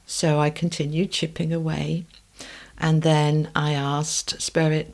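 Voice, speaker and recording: A middle-aged British woman hosting a podcast, telling a personal story in a calm, measured way that sometimes drops to a soft hush. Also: deep voice. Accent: British English. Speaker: podcast host.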